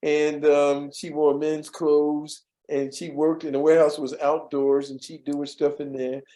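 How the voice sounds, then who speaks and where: Speaking unhurriedly in a slightly high voice, a man being interviewed shares relaxed stories from a former job. He animates each tale by performing the voices of people he quotes, chuckling frequently and repeating words while he recalls.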